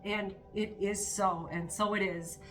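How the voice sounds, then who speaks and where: A woman's voice: medium pitch, steady tone, a little slow, a bit bright, faint music behind. A woman giving a spiritual card reading to her viewers, talking in an earnest, encouraging way with spontaneous asides. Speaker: tarot card reader.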